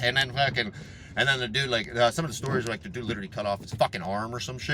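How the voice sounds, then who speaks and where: Fitness vlogger type, man, car rant, crude and fired up, bright lively voice, faint road hum. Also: mid-range voice, rapid-fire. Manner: blunt, heavy swearing, animated. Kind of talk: profane motivational rant. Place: inside a car.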